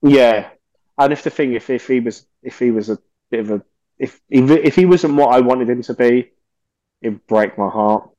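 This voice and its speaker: A man, a podcast guest telling stories in a lively, swearing way and acting out the voices of people he quotes. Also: medium pitch, moderate pace, no room sound, highs cut off. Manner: animated, swears often, acts out quoted voices. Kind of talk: casual storytelling interview.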